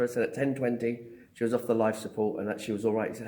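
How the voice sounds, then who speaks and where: A middle-aged male psychic medium races through his story in an interview, his mid-range voice leaving hardly any pauses. He tells it animatedly, acting out dialogue with lots of hesitant ums.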